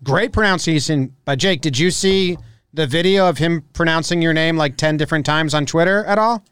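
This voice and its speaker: A man hosting a casual sports podcast interview, with playful, quick banter. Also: on the high side, a bit bright, clean tone, dry recording, studio quality. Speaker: host.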